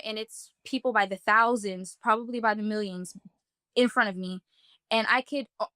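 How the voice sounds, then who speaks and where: A woman's voice: on the high side, pushed and bright, smooth, no echo, studio quality. A woman earnestly recounting a personal experience in vivid first-person detail, talking casually with many "like" fillers. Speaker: guest telling a personal testimony. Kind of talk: emotional first-person storytelling.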